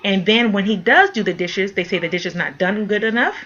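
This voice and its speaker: Woman, mother speaking out, indignant, pleading, emphatic, mid-pitched, dull lo-fi sound. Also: lively intonation, fairly quick, fairly bright tone, soft background music. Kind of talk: impassioned direct-to-camera appeal.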